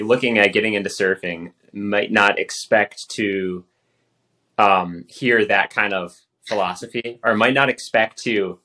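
Rambling male podcast host, bright tone. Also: lowish voice. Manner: rambling questions full of "like" and "um". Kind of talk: interview questions.

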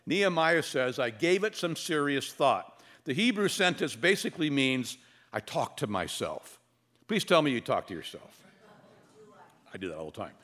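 A man preaching as pastor, teaching verse by verse with wry humor and dramatic pauses. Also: medium pitch, very animated, fairly bright tone. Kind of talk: expository sermon.

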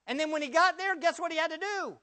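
A male pastor preaching a sermon, firing rhetorical questions at the congregation and swinging from loud bursts to hushed words. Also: very high voice, fast talker.

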